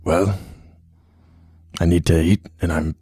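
A man voicing a scheming older alien pirate, a father who talks smooth and sly. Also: low voice, fairly even intonation, slow pace, warm tone, dry recording, studio quality, voice pushed down, exaggerated voice.

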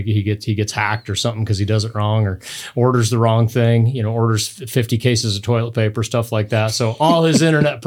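A middle-aged man telling hunting stories on a podcast in casual chat, his voice jumping up high when he gets excited. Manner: animated storyteller, voice jumps high when excited. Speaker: podcast guest.

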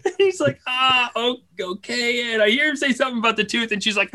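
A man's voice: very high-pitched, lively intonation, a little fast, sharp tone. A man, a father, telling a family story in casual chat, laughing often and acting out the voices of his family.

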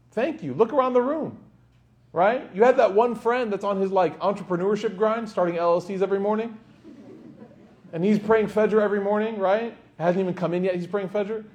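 A man giving a sermon to a live audience in a lecture hall, in an animated storytelling manner, acting out the quoted voices. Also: high voice. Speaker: Islamic lecturer.

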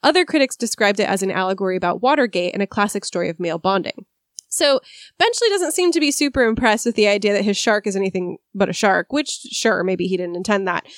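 A woman's voice: mid-range voice, expressive, fast, no room sound, studio quality. A woman co-hosting a film podcast, talking casually and analytically with plenty of ums and likes. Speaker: podcast co-host.

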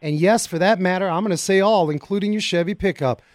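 Folksy and excitable, a man hosting a radio car show talks directly to listeners over a studio mic. He's a fast talker with a voice that sits high, and there's no room sound.

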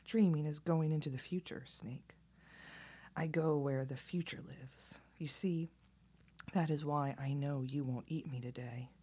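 A calm, knowing male lizard from a storybook, as a woman reads him, soft and unhurried. The voice is low, mellow and a little breathy.

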